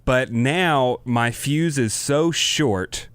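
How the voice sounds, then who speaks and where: A man co-hosting a parenting podcast, a father chatting in a relaxed, storytelling way. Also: medium pitch, drawn-out words, smooth, dry recording. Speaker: podcast co-host. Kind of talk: casual chat.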